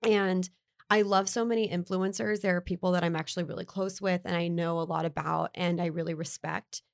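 A woman's voice: on the low side, fairly even intonation, a little fast, gravelly, dry recording, studio quality. A woman in a casual interview chat, talking candidly and chatty with lots of "like". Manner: chatty, candid, uses "like" a lot. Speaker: beauty writer and guest.

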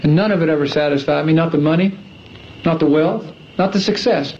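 A man's voice: on the high side, brisk, a little mellow, a little hiss or hum. A man in his thirties giving an earnest personal testimony, a former athlete repeating phrases for emphasis. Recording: dull lo-fi archive recording.

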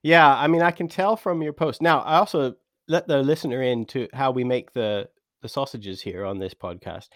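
A British man hosting a podcast interview, chatty and animated, laughing easily as he introduces his guest. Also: mid-range voice, moderate pace, no echo, studio quality. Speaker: podcast host.

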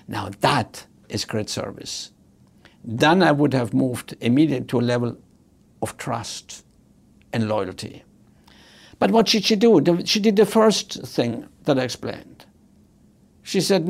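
A man's voice: fairly high pitch, expressive, measured pace, creaky, pauses often. An older man, a hotel executive, telling a story in an emphatic way and repeating his key points. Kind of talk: storytelling talk.

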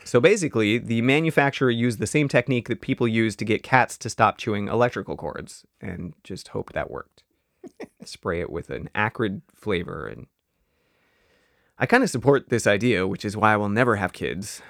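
A man's voice: fairly low pitch, animated, moderate pace, vocal fry, a bit bright, no room sound. A man co-hosting a casual comedy podcast, explaining a topic in a dry, wry way. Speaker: podcast co-host.

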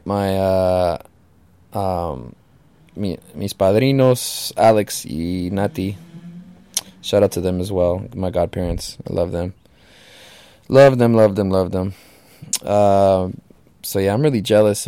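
A man's voice: low-pitched, fairly even intonation, measured pace, long pauses, warm tone, clear, resonant tone, no room sound. A man hosting a podcast alone, talking casually in a laid-back, slangy, profane way. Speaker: podcast host. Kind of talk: casual solo podcast monologue.

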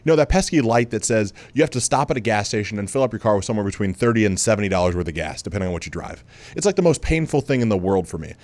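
A man hosting a podcast, telling a personal story in a relaxed, conversational way with many asides and restarts. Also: fairly low pitch, racing, no room sound. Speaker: podcast host. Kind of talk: storytelling monologue.

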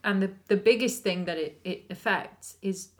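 A woman co-hosting a casual film review chat, chatty and quick to laugh. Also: mid-range voice. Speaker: podcast co-host.

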